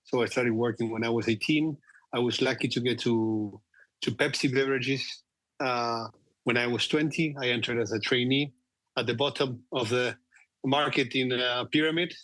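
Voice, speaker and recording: A man's voice: mid-range voice, fairly even intonation, normal speed, fairly bright tone, dry recording. A man in his forties with an Argentinian accent, a guest talking about his career with many "you know" fillers. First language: Spanish. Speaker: guest executive. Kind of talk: conversational interview.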